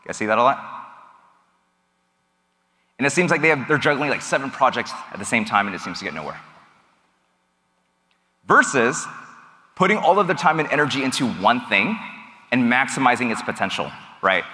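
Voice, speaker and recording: Male business coach, lively and bright, quizzing the crowd, long hall reverb. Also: medium pitch, fairly quick, long pauses. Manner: animated, asks the crowd questions. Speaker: business coach speaking to an audience. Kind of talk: energetic seminar talk. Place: event hall with a live audience.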